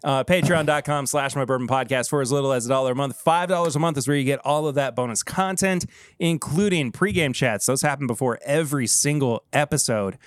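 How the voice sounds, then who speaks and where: Man, podcast co-host, casual chat, upbeat, mid pitch, dry close sound. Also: brisk, dry recording. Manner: upbeat, plugs the show with a pitch.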